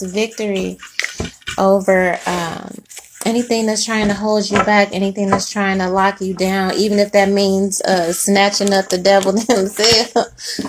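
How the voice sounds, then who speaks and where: A woman's voice: medium pitch, noisy background. A woman giving a casual tarot reading, blunt and profane, laughing between lines and preaching in asides. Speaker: tarot reader.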